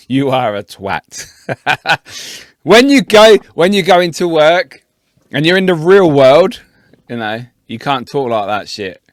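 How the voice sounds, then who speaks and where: A man's voice: fairly high pitch, very animated, takes it slowly, no echo, studio quality. A middle-aged father co-hosting a podcast, laughing often and joking crudely. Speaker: podcast co-host. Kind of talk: casual banter.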